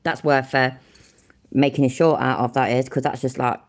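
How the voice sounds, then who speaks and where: A woman's voice: very deep voice, steady tone, normal speed. A woman hosting a live reaction stream, blunt and sarcastic, swearing constantly as she comments on a video. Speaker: livestream reaction host.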